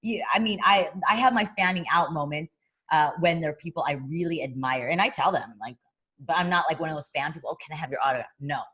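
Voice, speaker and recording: A woman who works as a boxing broadcaster chats as a guest in a casual interview, her voice low, fast, and a bit breathy. She tells a lively story, acting out what people said, with frequent fillers and restarts.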